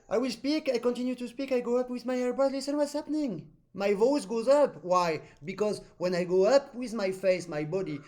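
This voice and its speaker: A man coaching an accordion student in a lesson, a native French speaker talking in animated, non-native English and humming musical phrases. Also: high-pitched. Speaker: accordion teacher. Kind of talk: masterclass coaching.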